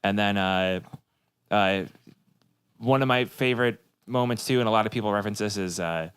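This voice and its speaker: A man's voice: on the low side, moderate pace, a bit bright, clear, resonant tone. A man co-hosting a podcast, chatting casually about a cartoon episode and laughing as he quotes lines. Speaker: podcast co-host.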